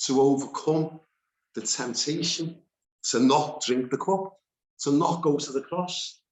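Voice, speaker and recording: A man teaching a Bible study, animated and laughing between his points as he reads scripture aloud. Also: on the high side, a little slow, echoey room.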